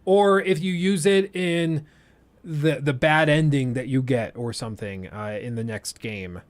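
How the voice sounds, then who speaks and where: A man's voice: a little high, measured pace, dry recording. A young man streaming and chatting casually, thinking aloud with plenty of fillers and restarts. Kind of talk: casual livestream chat.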